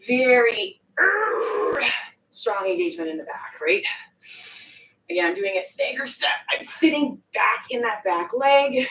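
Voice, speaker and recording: A female fitness coach jokes and swears during a live workout, breathing hard, her fairly high, slightly bright voice moving in big pitch swings at a somewhat slow pace. The sound is echoey, with a distant mic and faint noise.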